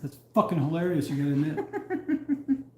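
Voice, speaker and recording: A man's voice: a little high, sing-song, moderate pace, warm tone, echoey room, a little hiss or hum. A man co-hosting a live stream from home in casual chat, swearing and telling crude jokes while laughing at his own lines.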